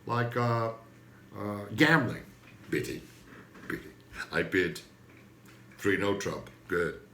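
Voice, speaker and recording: A man performs a stand-up comedy monologue in a bright, lively voice that swings from loud emphatic outbursts to quiet mutters. He is recorded in an echoey room with faint ambient noise behind him. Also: fairly low pitch, takes it slowly. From Turkey.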